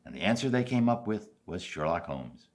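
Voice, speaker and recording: Deep-voiced older man telling a story. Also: moderate pace. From New York City. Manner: animated storyteller, jumping from loud highs to soft asides. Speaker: commencement speaker. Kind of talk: storytelling speech.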